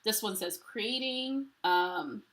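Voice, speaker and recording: A woman's voice: fairly high pitch, slow pace, fairly bright tone. A woman hosting a live craft unboxing. She talks in a chatty, enthusiastic way and greets viewers by name. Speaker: craft livestream host.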